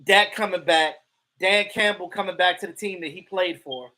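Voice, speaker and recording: High-voiced, animated livestream sports talker. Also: male voice, moderate pace, poor audio. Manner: animated, profane trash talk with frequent stammered restarts. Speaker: livestream host. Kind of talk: casual sports talk.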